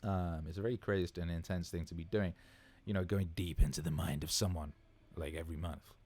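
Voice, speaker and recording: A man's voice: deep voice, fairly even intonation, a little fast, a little mellow. A man in his thirties hosting a casual livestream Q&A, rambling enthusiastically and swearing freely. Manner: enthusiastic, repeats words for emphasis. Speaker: livestream Q&A host.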